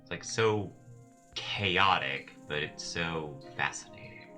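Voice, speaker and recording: A man plays through a game and talks slowly in a fairly low voice. His delivery is bright and forward, and he mixes wry, muttered asides with readings of the game text. Faint game music sits underneath. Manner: wry, muttering asides and mock-sarcastic quips. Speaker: gameplay commentator. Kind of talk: casual gameplay commentary with read-aloud game text.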